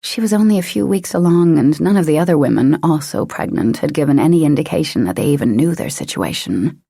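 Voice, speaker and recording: A woman narrating an audiobook in a steady, measured reading. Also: low-pitched, creaky, slightly rough, no room sound, clean studio sound. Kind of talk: scripted narration.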